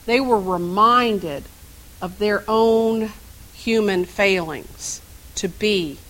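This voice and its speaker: A woman's voice: mid-range voice, very slow, a bit bright, poor audio. A middle-aged woman minister preaching a sermon, telling stories and asking the congregation questions. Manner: storytelling, asks the congregation questions.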